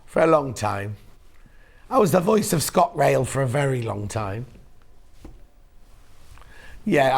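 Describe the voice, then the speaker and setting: A man's voice: medium pitch, creaky, husky. A man presenting fabrics on a shopping channel in casual on-air chat, reading viewer messages aloud. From United Kingdom.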